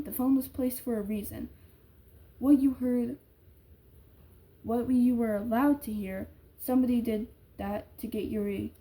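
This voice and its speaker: A woman reading the lines of a steady, level-headed man who advises a friend, in a plain reading voice. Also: very high voice, rough recording. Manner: steady, measured.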